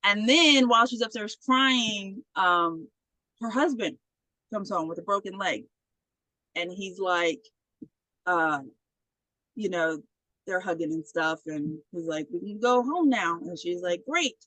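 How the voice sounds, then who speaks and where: A woman's voice: fairly low pitch, takes it slowly, pauses often, sharp tone, dry recording, low-quality recording. A woman co-hosting a podcast, casually retelling a film's scenes, acting out the characters' lines and swearing freely. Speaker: podcast co-host. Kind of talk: casual movie recap chat.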